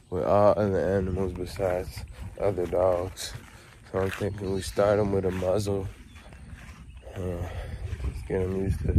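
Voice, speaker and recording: Laid-back man with a lowish voice. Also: slight background noise. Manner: laid-back, slangy, swears casually; calls sharply and loudly to his dog. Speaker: vlogger on his animal property. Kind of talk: casual outdoor vlog. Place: outdoors on a rural property with animals.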